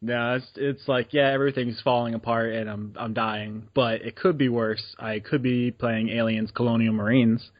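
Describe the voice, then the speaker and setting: A man's voice: mid-range voice, steady tone, moderate pace, few pauses, dull audio. A man co-hosting a podcast, laughing easily and answering with dry skepticism. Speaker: podcast co-host. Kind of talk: casual chat.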